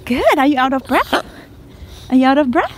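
A woman's voice: high-pitched, big pitch swings, normal speed, a little hiss or hum. A woman vlogger talking to her pet bird in playful baby talk and to her viewers in a casual way.

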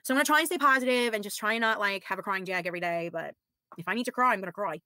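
Streaming live, a weary woman in her thirties reads viewer comments aloud and chats casually, blunt and frank, sighing and swearing mildly. Her medium-pitched voice races along, pushed and bright, in clean studio sound with no room noise.

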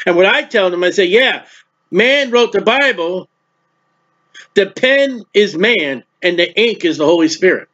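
A man's voice: high-pitched, a bit bright, dull audio. A man preaching a sermon, reading scripture aloud and explaining it in a plain-spoken, emphatic way.

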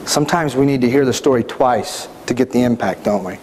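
A man's voice: medium pitch, a little fast, a little mellow. A middle-aged male pastor preaching a sermon in a church, speaking conversationally and often asking the congregation questions. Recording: reverberant hall, faint background noise.

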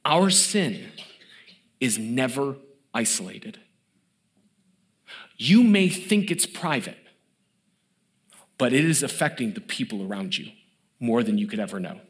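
This thirty-something man preaches as a pastor, expressive and unhurried, with frequent pauses. His delivery swells emphatically, then drops to a near-whisper on the words that matter most.

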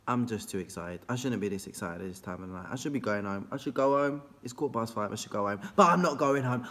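Excitable male history teacher. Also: quick pace, hardly any pauses. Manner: excitable and jokey, big swoops in pitch, talks straight to students. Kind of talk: energetic revision video lesson. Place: classroom, filmed after school. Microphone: camera facing out toward board.

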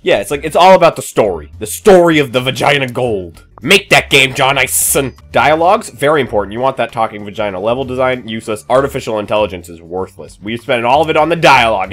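A gaming YouTuber, a man, riffs through comedic let's-play commentary in a goofy, joking way. His mid-range voice swings widely in pitch and breaks into sudden excited yelps. Faint game music plays underneath. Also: fast talker, hardly any pauses.

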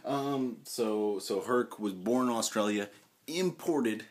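A man talking casually to the camera at home in a rambling, halting way, full of fillers and restarts, sometimes turning to speak fondly to his dog. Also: fairly low pitch. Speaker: vlogger.

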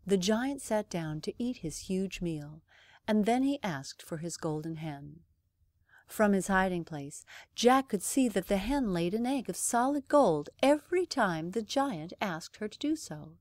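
A woman reading a bedtime story aloud, gentle and even. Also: medium pitch, a little slow, no echo, studio quality. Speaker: narrator.

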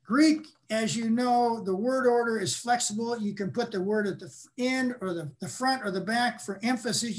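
An older man lecturing, explaining patiently and pausing to restate his points. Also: extremely high pitch. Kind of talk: academic lecture.

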